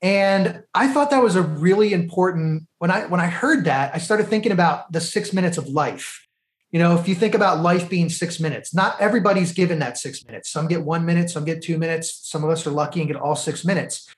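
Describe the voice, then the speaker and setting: A man's voice: on the high side, brisk. Man telling a story in an echoey room. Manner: animated film-plot retelling, drifting into reflective life lessons. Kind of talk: casual conversational storytelling.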